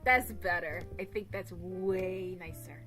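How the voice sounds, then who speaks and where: A woman's voice: on the low side, slow, sharp tone. A woman streamer chatting casually with her viewers, rambling, giggly and crude, often mocking herself. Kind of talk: casual livestream chat. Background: faint music.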